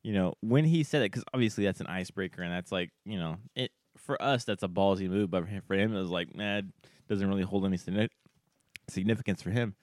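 A man co-hosting a laid-back podcast, reacting freely and pressing with curious follow-up questions. His voice sits on the low side and is recorded close on a dry mic. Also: quick pace, no room sound. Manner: easygoing, reacts with laughter and swearing, asks follow-up questions. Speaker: podcast co-host. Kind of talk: casual podcast chat.

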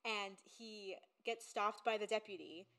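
A woman's voice: mid-range voice, unhurried, a bit bright. A young woman co-hosting a podcast, chatting casually with sarcasm and swearing. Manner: sarcastic, profane, recounts scenes in quoted voices. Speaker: podcast co-host. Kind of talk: casual chat.

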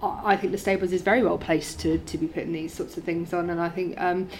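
Lady actor chatting about her role, kinda low voice, lots of restarts, faint hiss. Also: fairly even intonation, fast talker, a little mellow. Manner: enthusiastic, many restarts. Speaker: lead actor. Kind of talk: casual interview.

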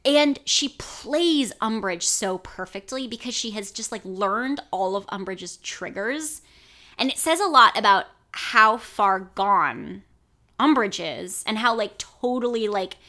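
A woman's voice: mid-range voice, sharp tone. A young woman co-hosting a podcast, chatting animatedly about a book with lots of fillers. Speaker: podcast co-host. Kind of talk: casual book discussion.

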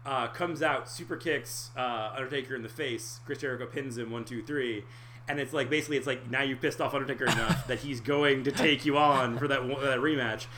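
A man's voice: mid-range voice, fairly even intonation, a little fast, noisy background. A man in a casual podcast chat who explains things in a rambling way, full of restarts, and swears casually.

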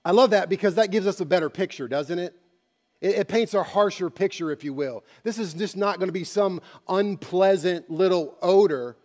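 A man preaching a sermon, telling a story dramatically and moving between hushed passages and loud ones. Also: high-pitched, normal speed. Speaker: pastor.

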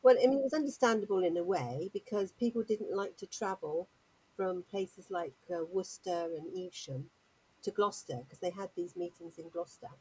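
A woman's voice: lowish voice, brisk, darkish tone, slightly rough, low-quality recording. An older woman from Dorset, a radio guest chatting in a rambling, easygoing way. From Dorset, England. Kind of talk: casual radio chat.

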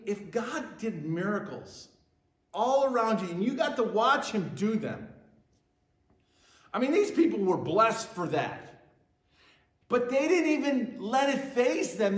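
Emphatic high-voiced man preaching. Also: echoey room. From western New York. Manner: emphatic preaching, repeats phrases, swells louder on key words. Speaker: pastor. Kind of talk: sermon.

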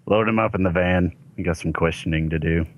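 A man's voice: sits low, a little fast, dry recording, lo-fi sound. A man playing a tabletop role-playing game, speaking in character with a sarcastic edge and frequent laughter. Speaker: player.

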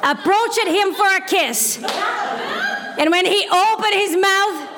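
A woman from Brazil with a Brazilian accent, performing a stand-up set with slow, deadpan punchlines in front of a laughing audience. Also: very high-pitched. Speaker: stand-up comedian. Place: live comedy stage with audience laughing. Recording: live room with crowd laughter.

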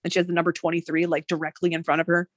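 A woman in her thirties telling a story in casual conversation, animated, with many fillers and swearing. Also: lowish voice, very fast, dry recording. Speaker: guest.

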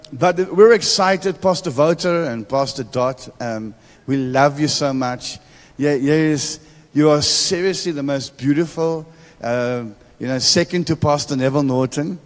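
A man with a South African accent preaching a church sermon as a guest prophet, repeating words and calling for amens with playful asides. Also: mid-range voice. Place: church hall. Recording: long reverb of a church hall.

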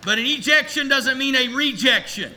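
A man preaching a sermon as pastor, telling a humorous personal story to his congregation in an animated way. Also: very high-pitched, normal speed, a little hiss or hum.

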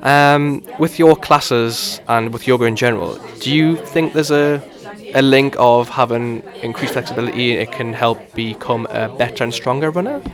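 A man's voice: mid-range voice, normal speed, crowd noise. Young geordie guy hosting his podcast, chatty, lots of ums, mid-range voice. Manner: chatty, rambling with many fillers. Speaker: podcast host. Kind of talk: casual podcast chat.

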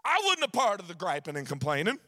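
A man preaching a sermon, shouting in a sing-song cadence with frequent "uh" fillers. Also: high voice, wildly swooping pitch, fast talker.

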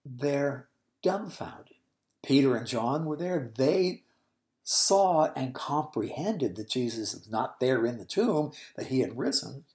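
Low, warm-toned woman teaching scripture, animated storyteller, unhurried. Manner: expressive, storytelling, explains original-language words. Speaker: Bible teacher. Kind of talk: expository Bible teaching.

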